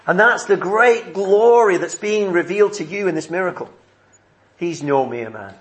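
A man preaching a sermon in an earnest, measured way, leaning on emphatic repeated phrases. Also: sits high, expressive, a bit bright.

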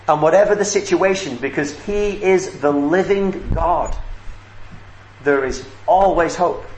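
Guy preaching a sermon, earnest, kinda high voice, echoey church room. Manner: earnest, repetitive emphatic pleading. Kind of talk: sermon with closing prayer. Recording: echoey room with faint background noise.

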